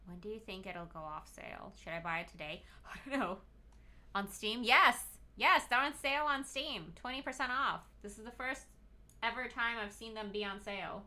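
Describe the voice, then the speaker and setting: A woman's voice: medium pitch, moderate pace, pushed and bright. Bubbly, chatty young woman streamer. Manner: chatty, bubbly, squeals greetings to viewers; tired and rambling. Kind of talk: casual live-stream chat.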